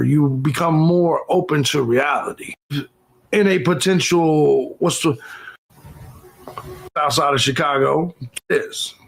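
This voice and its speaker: A man's voice: a little high, vocal fry, a little hiss or hum, rough recording. A man hosting a livestream, talking bluntly and profanely and thanking viewers for donations in casual commentary. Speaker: livestream host.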